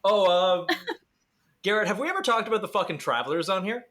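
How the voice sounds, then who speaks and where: A man's voice: high-pitched, expressive, a little fast, bright, forceful tone. A man hosting a casual podcast chat, laughing easily and swearing. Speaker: podcast host.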